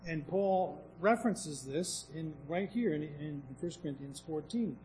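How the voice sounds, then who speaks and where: A man's voice: on the high side, expressive, a little slow, dark tone, a little hiss or hum, low-quality recording. A man preaching a sermon, teaching from scripture in a conversational way, asking questions and often restarting his sentences.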